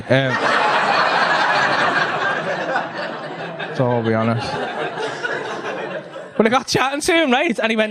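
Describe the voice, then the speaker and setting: A man telling a stand-up story on a comedy club stage, animated and swearing as he acts out both sides of a conversation. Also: sits high, unhurried, long pauses. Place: comedy club stage before a laughing audience. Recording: noisy live club recording.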